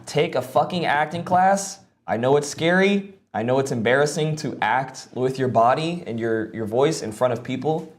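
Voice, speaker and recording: A young man talks loosely on a live stream, peppering his advice with "like" and the odd curse. He sits close to a streaming mic, and his voice sits at an ordinary middle pitch. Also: lively intonation, normal speed, hardly any pauses. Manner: loose and profane, lots of "like" fillers. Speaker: streamer giving voice acting advice. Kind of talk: casual live-stream talk.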